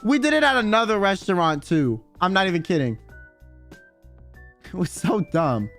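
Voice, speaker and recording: A young man streaming, telling a funny story in casual chat, excitable and swearing a lot as he acts out what people said. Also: high-pitched, soft background music. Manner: excitable, swears a lot, quick quoted voices.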